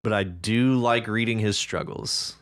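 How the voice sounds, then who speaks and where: A man's voice: on the low side, a little slow, clean tone, no room sound, clean studio sound. A man co-hosting a podcast, chatting with enthusiasm about reader stories and laughing easily. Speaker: podcast co-host.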